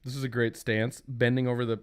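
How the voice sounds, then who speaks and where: A man's voice: mid-range voice, level tone, fairly quick, clear, resonant tone. A man hosting a casual comic-reading chat with swearing, laughing asides. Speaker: podcast host.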